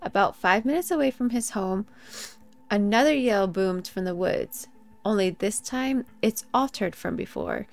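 Young woman co-host, lively and laughing a lot, cursing casually, spooky storytime. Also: medium pitch, unhurried, soft background music. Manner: animated, laughing, swearing freely. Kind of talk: casual chat and reading a scary story.

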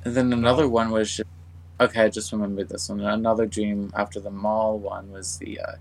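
Gravelly low-voiced man chatting. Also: level tone, brisk, rough recording. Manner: rambling, trails off and restarts, soft-spoken. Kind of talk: casual chat.

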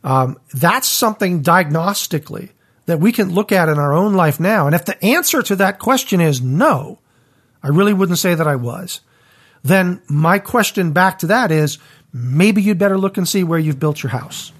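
A man in a conversational Bible discussion, speaking in a thoughtful, measured way. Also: sits high, lively intonation, a bit bright, slightly rough.

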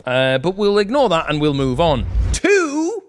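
A man's voice: on the high side, huge pitch swings, measured pace. A man with a British accent hosting a comedy news roundup, delivering scripted items with sarcastic asides and swearing. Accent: British English.

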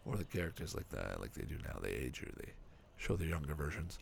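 Deep-voiced man, lively rambling chat. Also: a little fast, gravelly, a little hiss or hum. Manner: profane, rambling, animated. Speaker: podcast host reviewing a sitcom.

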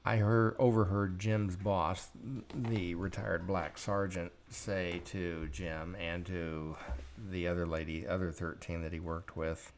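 A man's voice: deep voice, fairly even intonation, slow pace, creaky, a little hiss or hum. An older man hosting a podcast, telling stories from his working life in a blunt, profane way and acting out the dialogue. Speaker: podcast host. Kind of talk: storytelling monologue.

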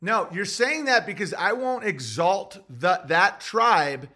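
Male podcast host, high bright voice, profane agitated rant. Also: expressive, slow. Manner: profane, agitated ranting with restarts and mock voices. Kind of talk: rambling commentary monologue.

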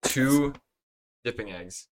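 A man's voice: mid-range voice, takes it slowly. A young man in casual podcast chat, easygoing and brief.

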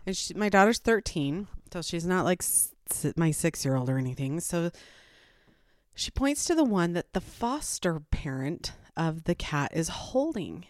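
A mother telling a personal story to camera in a casual, animated way, with rambling asides and frequent laughs. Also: lowish voice, unhurried, no echo, studio quality.

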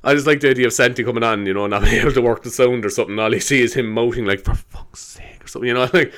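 Speaking very fast, an Irish podcast host with a mid-range, slightly bright voice rambles through stories alone on a casual show. He laughs a lot and slips into silly voices.

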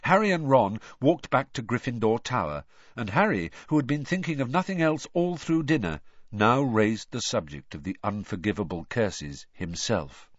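A man narrating an audiobook in a measured storytelling manner. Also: mid-range voice, animated, no room sound. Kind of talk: scripted narration. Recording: dull dry recording.

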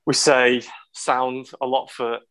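A man's voice: mid-range voice, level tone, slow pace, fairly bright tone, clean tone. A man with a Merseyside accent, a meteorologist guest on a podcast, talking casually with some hesitant restarts. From Merseyside, England. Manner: hesitant, many restarts and ums. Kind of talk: casual chat.

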